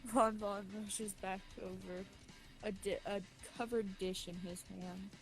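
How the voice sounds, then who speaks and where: A woman's voice: medium pitch, fairly even intonation, measured pace, over music, poor audio. A woman narrating a visual novel playthrough with friends, reading the text aloud with wry asides.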